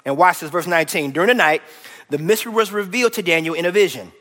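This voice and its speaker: A man preaching a lively sermon to his church, loud and energetic, repeating his points and joking with the congregation. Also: sits high, fast, long reverb tail. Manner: folksy and playful, cracks jokes with the congregation. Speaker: pastor.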